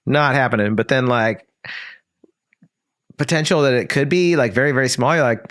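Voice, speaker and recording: A man's voice: moderate pace, fairly bright tone, no room sound, clean studio sound. A man co-hosting a comedy podcast in casual chat, rambling with many fillers and popping into mocking voices. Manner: rambling, lots of "like", jumps into high mocking voices for quoted people.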